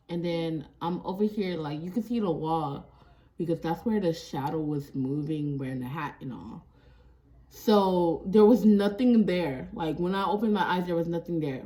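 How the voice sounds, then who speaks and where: A young woman casually telling a scary personal story to her viewers, animated and slangy, swearing and laughing as she goes. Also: mid-range voice. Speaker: storyteller vlogger.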